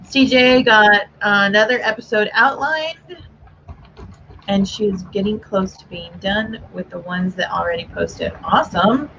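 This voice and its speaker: A woman's voice: mid-range voice, a little slow, bright, forceful tone, a little hiss or hum. A woman hosting a casual livestream chat, upbeat and full of filler words. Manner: chatty, upbeat, lots of "like" fillers. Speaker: livestream host. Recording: dull lo-fi stream audio.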